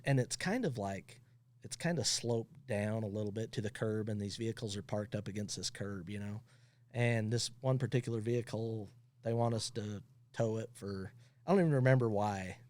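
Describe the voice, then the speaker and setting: A man who owns a towing company, guesting on a podcast and telling funny stories in a casual, animated way, often laughing as he talks. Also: medium pitch, dry recording. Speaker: tow truck company owner, podcast guest. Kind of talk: casual storytelling.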